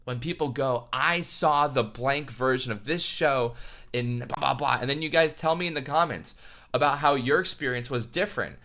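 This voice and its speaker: A man who writes musicals talking casually and excitedly through a reaction to a stage show, gushing and rambling. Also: mid-range voice, moderate pace.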